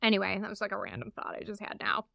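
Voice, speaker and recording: A woman's voice: mid-range voice, very animated, fast talker, creaky, sharp tone, dry recording, clean studio sound. A woman guest on a podcast, telling a personal story in a candid, chatty way with lots of casual asides. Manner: chatty, open, frequent "like" asides.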